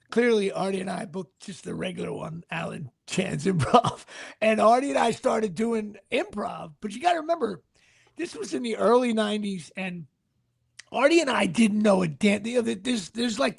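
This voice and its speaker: Middle-aged male actor, high husky voice, rambling casual anecdotes. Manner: rambling, restarts sentences, sports asides. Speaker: actor guest.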